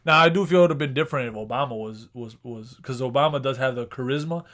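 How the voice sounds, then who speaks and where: A man's voice: mid-range voice, quick pace, fairly bright tone. A man co-hosting a podcast in casual chat, rambling with restarts and swearing. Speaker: podcast co-host.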